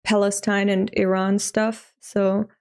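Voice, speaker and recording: A woman in her thirties from Europe talks to her live stream in a loose, chatty way. She laughs often and swears offhand. Her voice carries a gravelly fry. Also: medium pitch, flat delivery, takes it slowly, a little mellow. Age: 30s. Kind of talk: casual live-stream chat.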